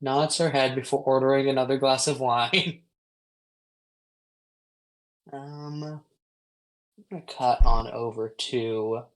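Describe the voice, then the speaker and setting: Male game master, casual rambling narration, mid-pitched voice. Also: takes it slowly, pauses often, rough recording. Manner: relaxed, rambling narration with fillers.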